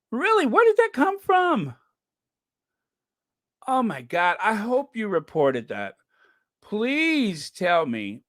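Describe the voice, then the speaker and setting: A man's voice: medium pitch, a bit bright, no echo, studio quality. A man hosting a podcast, chatting casually and reading out viewer comments, with frequent ums and uhs and repeated phrases for emphasis. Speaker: podcast host.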